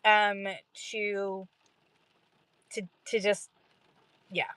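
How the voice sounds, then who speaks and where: A woman's voice: mid-range voice, level tone, drawn-out words, fairly bright tone, smooth, dry recording. A woman hosting a casual livestream chat for sellers, talking in a rambling, self-deprecating way and laughing often. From Canada.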